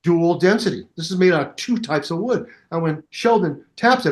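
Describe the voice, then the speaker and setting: An older musician guests in a laid-back interview, his high-ish male voice running a little fast with few pauses. He tells spirited stories and imitates voices and sounds.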